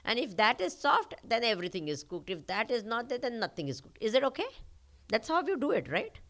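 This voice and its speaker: A spiritual teacher with an Indian accent giving a talk to a live audience, asking rhetorical questions and pausing for the answers. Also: female voice, a little high, big pitch swings, a bit bright. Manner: questioning, rhetorical, uses call-and-response.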